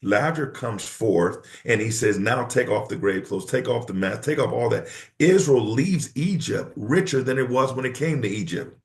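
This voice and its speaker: Gravelly-voiced pastor preaching in conversation. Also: male voice, mid-range voice, animated, normal speed. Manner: emphatic, preacherly cadence. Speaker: pastor, podcast guest.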